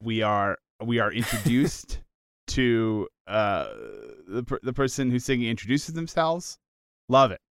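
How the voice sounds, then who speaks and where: A man co-hosting a casual podcast, rambling and poking fun at himself. His voice is smooth and clear. The sound is dry and close, with no room in it. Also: medium pitch, measured pace, no echo. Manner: rambling, self-deprecating, jokey. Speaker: podcast co-host. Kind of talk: casual comedic chat.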